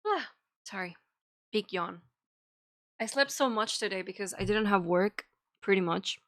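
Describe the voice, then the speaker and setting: A woman's voice: mid-range voice, moderate pace, fairly bright tone. A young woman streaming, chatting casually and rambling between topics, giggling and swearing now and then. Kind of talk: casual chat.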